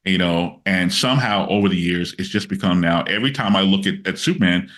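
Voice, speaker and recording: A man's voice: low-pitched, brisk. A man in his sixties, a comics writer being interviewed, telling stories animatedly with many restarts. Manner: animated storyteller, many restarts, acts out quotes. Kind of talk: casual interview chat.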